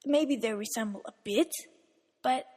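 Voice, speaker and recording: A woman's voice: on the high side, a little slow, darkish tone, husky, in a large hall. A woman from Austria, a German speaker, vlogging in a casual, exasperated and incredulous tone. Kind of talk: casual ranting vlog.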